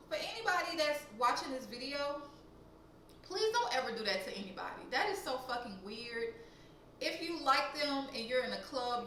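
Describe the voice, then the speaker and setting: A young woman from Louisiana with a Louisiana accent, telling a profane, animated storytime that jumps high and loud when she gets heated. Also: heavy reverb, distant mic, slight background noise, low-quality recording. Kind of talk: casual storytime.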